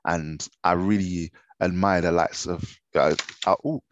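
A young man co-hosting a football podcast, relaxed and chatty, often restarting his sentences. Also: deep voice, measured pace, highs cut off, a little hiss or hum. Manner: relaxed, laughing, hesitant restarts. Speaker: podcast co-host. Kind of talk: casual football chat.

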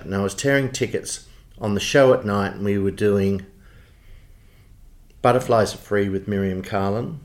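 A man in his sixties in an interview, telling lively anecdotes and acting out quoted lines. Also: lowish voice. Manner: animated anecdotes with acted-out quotes. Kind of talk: storytelling interview.

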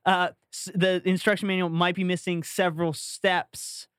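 A man co-hosting a podcast, chatting casually and telling an animated story with playful asides. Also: high voice, normal speed, smooth, no room sound, clean studio sound. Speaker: podcast co-host. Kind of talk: casual chat.

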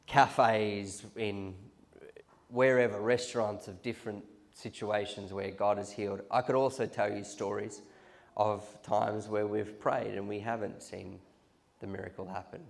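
A man's voice: lowish voice, vocal fry. Man preaching a storytelling sermon. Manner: storytelling, animated, restarts and repeats. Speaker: pastor.

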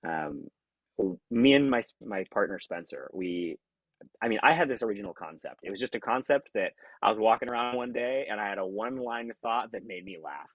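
Low, husky-voiced man, earnest. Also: fairly quick, no room sound, rough recording. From California. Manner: earnest and reflective, acts out remembered thoughts with lively pitch jumps. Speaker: actor and podcast guest. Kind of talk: conversational interview.

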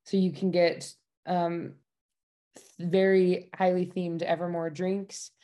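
Woman, dialect coach, casual interview chat, bubbly, laughs a lot, lowish voice. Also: flat delivery, takes it slowly, warm tone. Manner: bubbly, laughs often, enthusiastic about food. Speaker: dialect coach at a themed park. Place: Utah.

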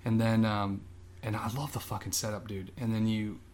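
A man's voice: fairly low pitch, level tone, moderate pace, a little mellow, a little hiss or hum. A man co-hosting a podcast, casually retelling a film scene with swearing and acted-out quotes. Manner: loose, profane storytelling with acted-out quotes. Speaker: podcast co-host. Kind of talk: casual chat.

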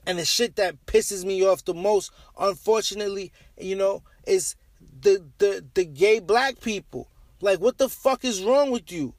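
A man's voice: sits high, a little slow, no echo, studio quality. A man delivering a heated, profane monologue rant as a commentator, blunt and repeating his phrases.

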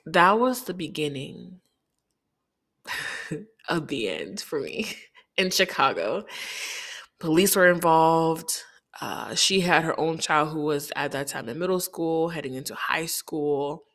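A woman's voice: low-pitched, animated, takes it slowly, long pauses, a bit bright. A woman from Haiti telling a candid, reflective personal story, often quoting people in dialogue.

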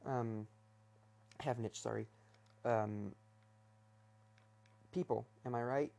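A man's voice: mid-range voice, fairly even intonation, slow pace, gravelly, darkish tone. A young man hosting his first solo talk episode, rambling hesitantly from his bedroom with many fillers and restarts. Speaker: podcast host.

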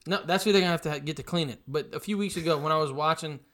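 A man's voice: fairly high pitch, racing, fairly bright tone. A man in a casual podcast chat in a garage, brash and profane, cracking jokes.

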